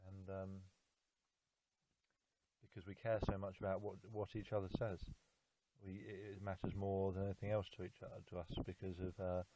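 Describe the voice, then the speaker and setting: A man's voice: deep voice, completely flat delivery, moderate pace, mellow. A young man recording a heartfelt love message to his girlfriend, earnest and repetitive, stumbling over fillers. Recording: tinny phone-like recording.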